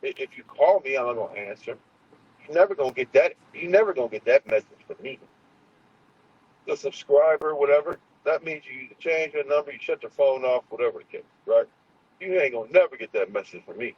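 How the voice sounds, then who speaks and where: Husky-voiced man ranting on a livestream. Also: mid-range voice, lively intonation, brisk, no echo, muffled recording. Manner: rambling, profane, confrontational, many fillers and restarts. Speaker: livestream host. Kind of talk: heated livestream monologue.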